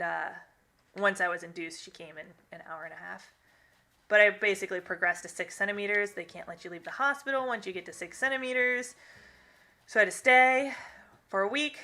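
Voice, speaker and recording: A young woman talks casually to her viewers during a game stream, reading their comments aloud. She rambles and laughs often. Her voice is bright and crisp. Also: mid-range voice. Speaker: gaming live-streamer.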